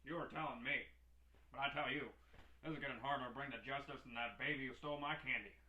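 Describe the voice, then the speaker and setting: A man playing an excitable, bumbling young detective in a comedy web drama. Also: mid-range voice, quick pace, roomy sound, background noise, close to an everyday voice. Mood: goofy. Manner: excitable, jokey. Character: bumbling young male detective, eager and goofy.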